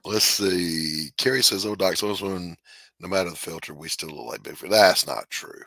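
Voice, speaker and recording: Middle-aged male host, deep and punchy, joking banter, dead-dry home studio sound. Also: normal speed, vocal fry, sharp tone, dry recording. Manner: wisecracking, laughs and coughs through jokes. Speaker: podcast host. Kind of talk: casual comedic chat.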